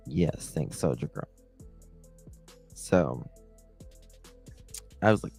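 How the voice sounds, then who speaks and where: Giggly low-voiced man hosting a stream. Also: animated, very slow, gravelly, pauses often, faint music behind. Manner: giggly, jokey banter. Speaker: livestream host. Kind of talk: casual chat reading viewer comments.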